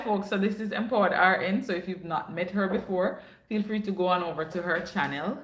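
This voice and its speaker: Jamaican lady chatting on her livestream, a bit low voice, lots of room echo, drifts into patois telling stories. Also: brisk, few pauses, a bit bright. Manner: chatty storyteller, drops into patois. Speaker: livestream host. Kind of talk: casual livestream chat. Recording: echoey room.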